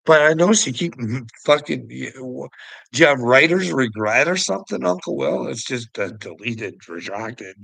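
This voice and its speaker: Gravelly, mocking man with a chuckle. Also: medium pitch, expressive, normal speed, a bit bright, no echo, low-quality recording. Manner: mocking, chuckling often, calls the listener "bud"; profane and taunting. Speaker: vlogger answering a critic. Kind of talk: casual rambling rant.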